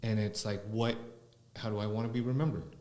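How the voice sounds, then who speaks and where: A man, a spiritual teacher, talking slowly and reflectively as a podcast guest, often pausing with fillers. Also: fairly low pitch, steady tone, warm tone. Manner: slow, musing, with frequent fillers. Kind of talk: reflective conversational talk. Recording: roomy echo.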